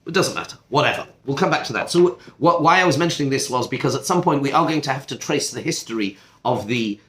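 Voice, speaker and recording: Man as rabbi teacher, chatty lecture style, middle-pitched voice, roomy echoey classroom. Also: lively intonation, fast, fairly bright tone. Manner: conversational, self-interrupting, asides and rhetorical questions. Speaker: rabbi teaching a study group. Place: seminar classroom.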